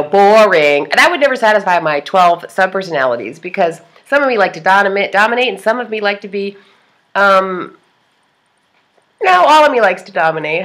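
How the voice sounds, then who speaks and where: A woman's voice: mid-range voice, a bit bright. A woman rambling casually in a personal vlog, chatty and jokey, laughing often between thoughts. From part Lithuanian. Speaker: vlogger.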